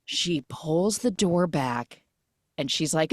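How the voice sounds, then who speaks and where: Give me an animated woman retelling a film on a podcast, lowish voice, dry recording. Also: normal speed, no echo. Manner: animated retelling, acts out characters and sound effects, many "like" fillers. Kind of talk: casual spoiler recap of a film.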